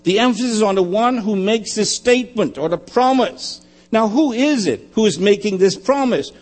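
A man preaching a sermon, emphatic and repetitive, often dropping to a quiet low. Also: expressive, normal speed. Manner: emphatic, repeating phrases, dropping to quiet lows.

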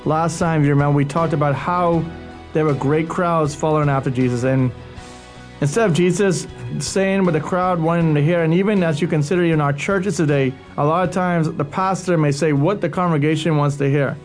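A man's voice: on the high side, moderate pace, soft background music. A male youth pastor giving a radio sermon talk in a conversational, earnest teaching manner.

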